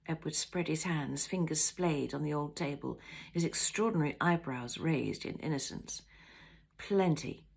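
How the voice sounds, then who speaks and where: Author reading her novel aloud, lower-pitched woman, unhurried storyteller. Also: vocal fry, slightly rough. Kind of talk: storybook narration.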